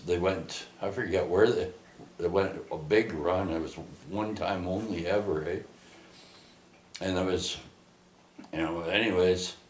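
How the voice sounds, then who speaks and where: A man telling a rambling personal testimony, full of restarts and tag questions like "eh" and "right". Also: deep voice. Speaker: storyteller giving testimony. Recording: echoey room.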